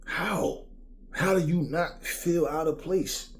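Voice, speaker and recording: A middle-aged man hosting his own vlog, ranting profanely and rambling with animated asides. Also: on the high side, takes it slowly. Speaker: vlog host. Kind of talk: opinionated rant.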